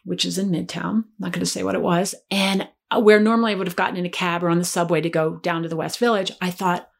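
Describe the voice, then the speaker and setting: A woman guest telling a story in conversation, lively and acting out the dialogue she quotes. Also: lowish voice, quick pace, vocal fry.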